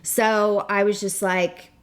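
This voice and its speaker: A woman in her thirties shares a painful personal story as a podcast guest. She talks in long, loose runs full of "like" and "you know." Her voice sits in an ordinary middle pitch, and she comes close to tears at times. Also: little pitch movement, slow pace. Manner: talkative, many "like" and "you know" fillers, tearful at times.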